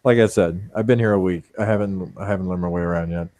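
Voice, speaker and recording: A man playing a broke newcomer who makes dry, deadpan jokes in a tabletop game. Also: deep voice, quick pace, dry recording, lightly acted. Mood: wry.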